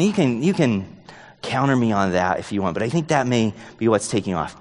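A male pastor preaching a sermon in a relaxed, joking way, thinking aloud and hedging as he goes. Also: fairly low pitch, a little fast, big-room sound.

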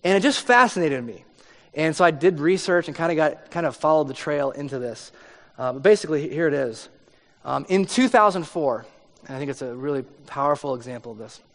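Man, pastor, conversational sermon, slightly high voice, reverberant church hall. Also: lively intonation, a little fast, a bit bright. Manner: conversational preaching, acts out voices with rising intensity.

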